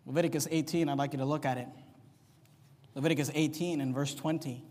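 A man's voice: a little high, fairly even intonation, fast, darkish tone. A male pastor preaching a fiery, emphatic sermon, stretching out his stressed words. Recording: long reverb of a large hall.

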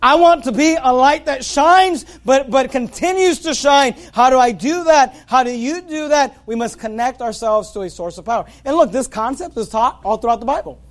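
A male preacher with a strikingly high voice delivers a sermon. He talks emphatically, repeats key phrases and reads scripture aloud in old-style wording. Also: normal speed, few pauses. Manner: emphatic, repetitive, quotes scripture in King James wording.

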